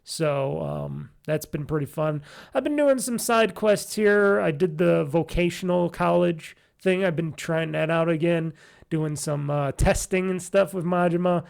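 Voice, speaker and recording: A man's voice: on the high side, measured pace. A man hosting a casual solo gaming podcast, talking in a rambling way full of fillers and restarts, with a nasal, stuffy, tired voice. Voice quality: nasal, gravelly. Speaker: podcast host.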